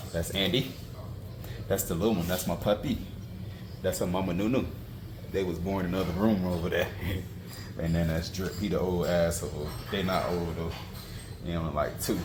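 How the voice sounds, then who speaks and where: A laid-back man with a very low, deep voice chats through a car update in loose slang, his sentences trailing into fillers. A faint hiss of background noise sits under his phone-recorded voice. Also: fairly even intonation, normal speed, long pauses. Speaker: car vlogger. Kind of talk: casual vlog chat.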